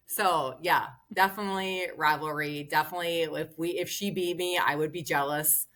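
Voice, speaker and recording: A woman with a fairly low but bright voice co-hosts a casual podcast chat. She talks frankly and jokes easily with her friends. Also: fairly even intonation, moderate pace. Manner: frank and joking. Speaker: co-host.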